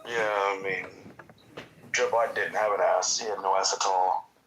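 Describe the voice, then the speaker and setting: A man's voice: sits low, fairly even intonation, moderate pace, a bit bright, a little hiss or hum, rough recording. A man chatting casually as a guest, laid-back and profane. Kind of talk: casual chat.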